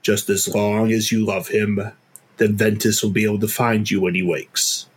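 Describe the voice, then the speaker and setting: A man voicing a wise old male wizard in a fan read, deep, slow and solemn. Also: level tone, slightly rough. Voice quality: deep and distinguished. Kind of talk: fan read-through of a game scene.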